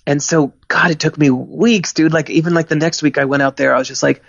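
A man, a guest on a podcast, telling stories in a relaxed, expressive way. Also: a little high, fairly quick, creaky, dry recording. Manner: animated storyteller, expressive. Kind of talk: casual podcast conversation. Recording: dull lo-fi, dry sound.

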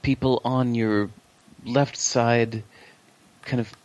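A man speaking as an interview guest, relaxed and reflective, often pausing to think mid-sentence. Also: medium pitch, muffled recording. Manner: relaxed, reflective, many fillers and restarts. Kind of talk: conversational interview.

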